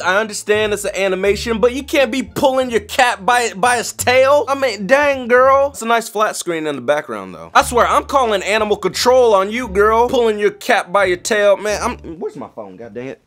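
A man hosting a video, reacting to clips with animated, joking, exclamatory commentary. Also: sits high, normal speed, soft background music. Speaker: YouTube host.

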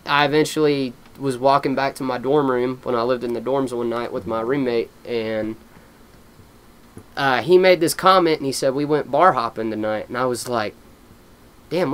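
A man, a guest musician and lead guitarist, chatting eagerly in quick bursts with restarts in a hot backyard shed. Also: mid-range voice, clean tone. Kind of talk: casual interview chat.

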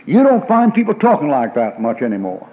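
A man's voice: fairly high pitch, wildly swooping pitch, brisk, dark tone, rough recording. A male pastor, preaching a folksy, emphatic sermon and acting out the people in his stories with laughter.

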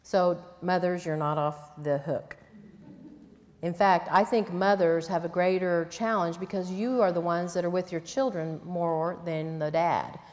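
A woman's voice: lowish voice, steady tone, unhurried, darkish tone. An older woman teaching a conference sermon on parenting, earnest and plain-spoken, with quoted asides. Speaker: conference speaker. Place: church conference hall. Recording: long reverb in a hall.

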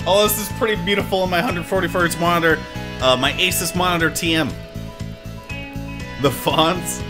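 A man's voice: high-pitched, steady tone, normal speed, over music. A man streaming a game, chatting casually with his viewers in a joking, profane way. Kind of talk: casual gaming commentary.

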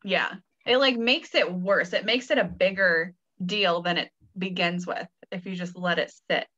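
A woman co-hosting a casual podcast, with a bright voice and a playful, teasing way of talking. Her audio sounds somewhat dull and muffled. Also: on the low side, normal speed. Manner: playful, teasing, laughs often. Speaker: podcast co-host. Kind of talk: casual chat.

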